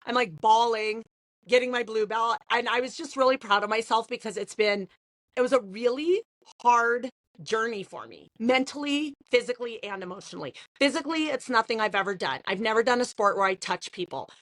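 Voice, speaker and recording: A woman in her thirties, a podcast co-host, telling a story in casual, animated chat with laughs and lots of "like". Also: a little high, a little fast, dry recording.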